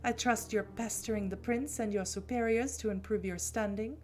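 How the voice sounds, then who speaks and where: A woman voicing a poised female vampire elder who speaks graciously and gently chides. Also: fairly high pitch, steady tone, normal speed, faint music behind, voice pushed up, natural voice.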